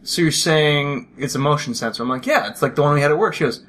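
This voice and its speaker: A man's voice: fairly high pitch, fast, a bit bright. A man in the middle of a casual podcast chat, telling a long rambling anecdote. He acts out the people he quotes and breaks into laughter as he goes. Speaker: podcast co-host. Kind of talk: casual chat about a film.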